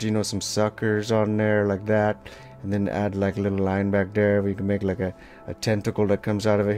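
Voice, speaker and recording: A man's voice: on the low side, a little mellow. A man leading a casual draw-along lesson, talking loosely with lots of "like" and little sound effects as he draws. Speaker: art teacher.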